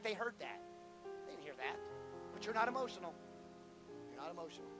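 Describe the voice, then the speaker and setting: Man, pastor, sermon, very high voice, faint music underneath. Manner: preaching with rising shouts and mock-quoting congregants. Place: church sanctuary.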